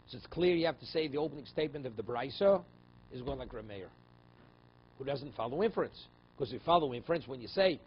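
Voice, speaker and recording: A rabbi giving a Talmud class, reading Aramaic passages and explaining them in English, often checking with "okay?" and "right?". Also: male voice, mid-range voice. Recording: slightly dull, faint room noise.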